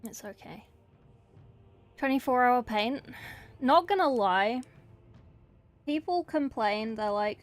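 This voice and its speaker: A woman's voice: a little high, expressive, takes it slowly, long pauses. Chatty young woman streaming her painting. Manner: chatty, answers viewer chat while working. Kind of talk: casual livestream painting chat. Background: faint background music.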